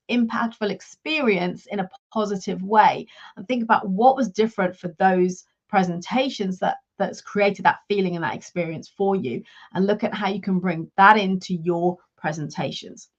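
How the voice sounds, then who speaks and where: A leadership and career coach, a woman, gives a measured, instructive talk directly to her live viewers. Her voice is mid-range and the audio is dull.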